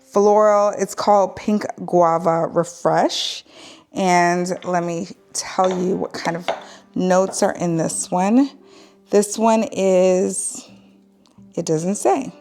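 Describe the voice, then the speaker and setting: A woman's voice: medium pitch, a little mellow. A woman vlogger chatting casually through a home decor haul, rambling and correcting herself as she goes.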